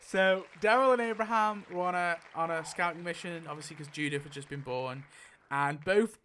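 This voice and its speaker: A man hosting a casual online chat, excitable, laughing often and swearing freely. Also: on the high side, a little fast, slight background noise. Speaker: YouTube host.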